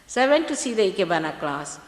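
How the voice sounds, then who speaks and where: A woman giving a spiritual talk to an audience, telling stories in a lively way and repeating key phrases. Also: mid-range voice, fast talker. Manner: lively storytelling with repetitions. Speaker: spiritual teacher. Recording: echoey hall archive recording.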